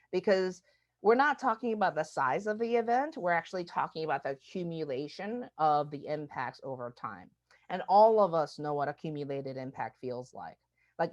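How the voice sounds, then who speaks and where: Low, conversational woman speaker, muffled audio. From United States. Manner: conversational, frequent "like" and "right?". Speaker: diversity speaker. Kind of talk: recorded webinar talk.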